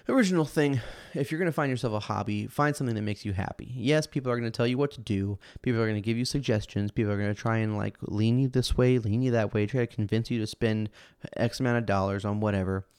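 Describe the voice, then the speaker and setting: A man's voice: lowish voice, fast talker, a little mellow, clear, resonant tone, dry recording, studio quality. A young man hosting a podcast alone, telling rambling, self-amused stories full of fillers and restarts. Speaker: podcast host. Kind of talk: casual solo storytelling.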